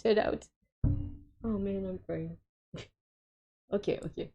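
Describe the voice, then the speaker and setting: A woman's voice: mid-range voice, takes it slowly, long pauses, warm tone, breathy edge. A woman streaming a co-op game with friends, chatting casually and hesitantly with lots of fillers and frequent giggles.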